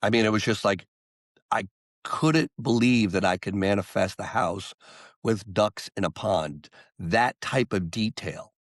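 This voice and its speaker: Man, low voice, podcast guest, animated storyteller, dry close sound. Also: unhurried, no echo. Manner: animated storyteller acting out quotes. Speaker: guest, singer-songwriter. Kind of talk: storytelling interview talk.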